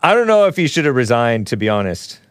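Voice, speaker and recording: A man's voice: mid-range voice, sing-song, fast talker, smooth, no room sound, studio quality. A man in his forties hosting a show, giving casual, wry commentary on news clips with sarcastic asides. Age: 40s. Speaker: host.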